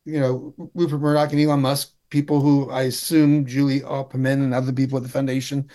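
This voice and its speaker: A man in casual political talk, wry and indignant, often halting and restarting his sentences. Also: mid-range voice, flat delivery, mellow. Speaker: political commentator.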